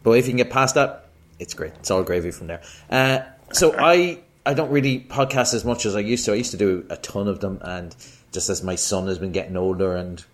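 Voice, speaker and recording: Irish man with a lowish voice, a self-deprecating podcast guest who laughs easily. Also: fairly quick. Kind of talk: casual podcast chat.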